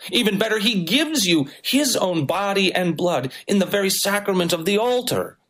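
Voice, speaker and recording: A man's voice: sits high, animated, normal speed, fairly bright tone. A male pastor delivering a sermon, preaching with varied, emphatic intonation.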